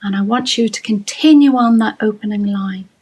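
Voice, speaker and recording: A woman's voice: medium pitch, moderate pace, a little mellow, slightly rough, poor audio. A middle-aged Irish woman leading a creative writing lesson for children, asking encouraging questions and reading short poems aloud. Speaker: children's writing workshop presenter.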